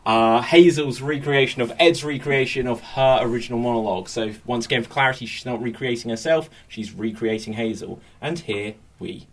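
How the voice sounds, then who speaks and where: A man's voice: mid-range voice, a little fast, few pauses, distant mic. A man hosting an improv comedy show, introducing games in an upbeat way and laughing often. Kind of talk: lively improv game hosting.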